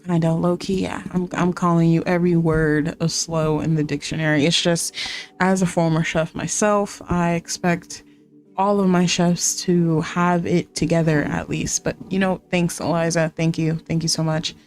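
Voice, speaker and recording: A woman's voice: lowish voice, little pitch movement, moderate pace, soft background music, pitched below the performer's own voice, lightly acted. A woman voicing a bossy male restaurant owner. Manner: blunt, bossy.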